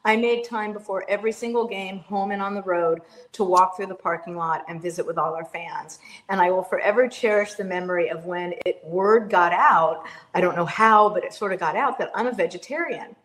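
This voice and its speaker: A middle-aged woman chatting as a podcast guest, telling lively stories and acting out her own shouting. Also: lowish voice, a little fast, hardly any pauses. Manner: animated storyteller, acts out her own yelling. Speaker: guest, sports analyst. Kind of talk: casual podcast chat.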